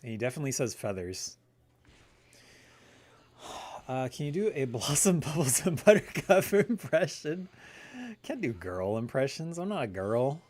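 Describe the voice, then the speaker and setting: A man's voice: medium pitch, big pitch swings, moderate pace, long pauses, darkish tone. A man in his thirties hosting a livestream, rambling casually and answering viewers' questions. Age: 30s. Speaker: livestream host. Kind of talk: casual chat on a gaming livestream.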